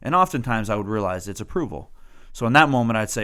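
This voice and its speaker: A man with a fairly low voice talks through his ideas on a podcast. He lays them out in order, earnest and unhurried, in a casual teaching tone. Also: expressive, sharp tone, clear, resonant tone. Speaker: podcast co-host.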